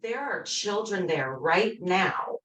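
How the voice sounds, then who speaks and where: A woman's voice: on the low side, expressive, takes it slowly, crowd noise. A woman co-hosting an interview, speaking in a passionate, emphatic way. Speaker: co-host. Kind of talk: casual interview conversation. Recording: roomy sound from a distant mic.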